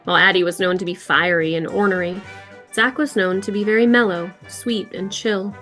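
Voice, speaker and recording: A woman co-hosting a podcast, reading scripted true-crime narration in a measured way. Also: medium pitch, fairly even intonation, a bit bright, soft background music. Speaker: podcast co-host.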